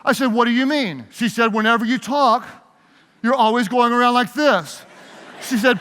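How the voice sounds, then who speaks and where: A man's voice: very high-pitched, moderate pace, fairly bright tone, a little hiss or hum. A man preaching a leadership sermon, leading his audience in call-and-response. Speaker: pastor. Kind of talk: sermon-style leadership talk. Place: large hall with live audience. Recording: long hall reverb.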